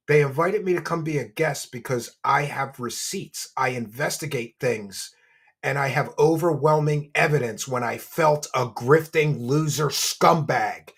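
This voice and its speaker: Gravelly, husky man ranting mockingly. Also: fairly high pitch. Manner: mocking, swings between muttering and shouting. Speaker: commentary show host. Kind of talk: ranting reaction commentary.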